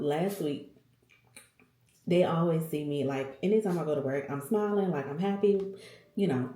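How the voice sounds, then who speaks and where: A woman vlogger shares a personal story, candid and emotional, calling her viewers y'all. Her voice is warm and mellow. It sits a little low, and the room around her gives it a noticeable echo. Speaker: vlogger and working mother. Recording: roomy echo.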